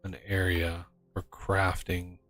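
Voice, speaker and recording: A man's voice: low voice, little pitch movement, slow pace, a bit bright, faint music behind. A man streaming a game, talking to himself in exasperation as he plans his factory. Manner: exasperated, muttering to himself while building. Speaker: gaming streamer. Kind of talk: casual gameplay commentary.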